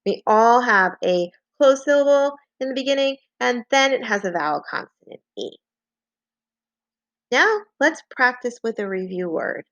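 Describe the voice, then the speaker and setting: A woman teaching a phonics lesson to young children, slowly and patiently dictating and spelling out words. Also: a little high, expressive, a bit bright, no echo, muffled recording. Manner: slow, clear, patient dictation with repeated words.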